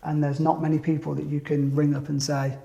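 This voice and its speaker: A man, a business owner telling lively stories in casual chat and acting out other people's voices. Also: on the high side, a little fast, creaky, muffled recording. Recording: echoey room.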